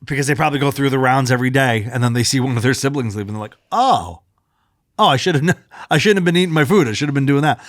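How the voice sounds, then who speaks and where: A man in his thirties co-hosting a podcast, telling a long story in casual chat, animated, swearing freely and acting out what people said. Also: medium pitch, fast, no room sound, clean studio sound. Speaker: podcast co-host.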